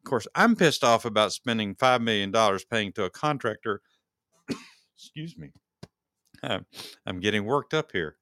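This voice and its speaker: A man's voice: on the low side, expressive, moderate pace, long pauses, pushed and bright, no room sound, clean studio sound. A man hosting his own podcast, giving solo political commentary in a heated, ranting way and repeating words as he works himself up. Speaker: podcast host.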